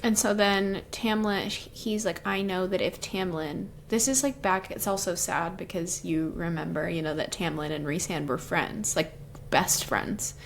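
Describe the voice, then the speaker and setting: A young woman talks through a book's plot at a slow, easy pace, her voice sitting a little low. She co-hosts a casual podcast and strings her recap together with plenty of "um" and "like." A faint hiss sits under her voice. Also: steady tone, creaky. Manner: recaps the plot loosely, with many fillers like "um" and "like". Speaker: podcast co-host. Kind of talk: casual book-discussion chat.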